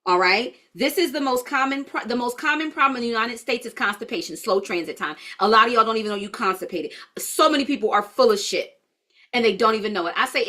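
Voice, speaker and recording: A woman's voice: on the high side, expressive, fast, sharp tone. A woman leading a live-streamed holistic health class, chatty and blunt, answering viewer comments as she goes.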